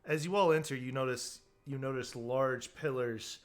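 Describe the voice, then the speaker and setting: A man with a mid-range voice acts as game master for a tabletop game, describing scenes at an unhurried pace.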